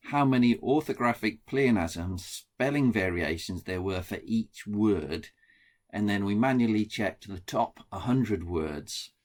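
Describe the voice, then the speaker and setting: Low-voiced middle-aged Black Country man. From England. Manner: plain explanatory, with frequent ums and restarts. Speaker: researcher. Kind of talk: recorded lecture.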